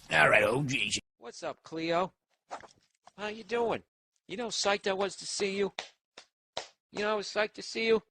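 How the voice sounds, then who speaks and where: A man's voice: on the high side, a bit bright, no room sound. A man with a Boston accent ranting casually and sarcastically on his podcast, swearing often and talking to his dog. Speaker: comedian podcast host. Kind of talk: casual rambling rant. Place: home office.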